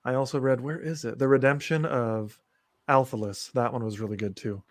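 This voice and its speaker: A man's voice: medium pitch, steady tone, moderate pace. A man hosting a podcast, talking loosely and eagerly in casual chat about fantasy books and shows. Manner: enthusiastic, lists book titles, loose and rambling. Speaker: podcast host.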